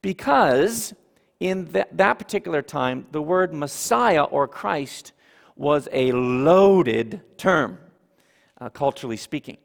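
A man preaching a sermon as pastor, emphatic and animated, with asides to the congregation. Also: a little high, takes it slowly, vocal fry. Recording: reverberant hall.

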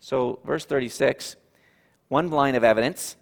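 Male pastor, sermon delivery, earnest and emphatic, fry in the voice, reverberant church hall. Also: on the high side, unhurried, fairly bright tone. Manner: earnest teaching, repeats points for emphasis.

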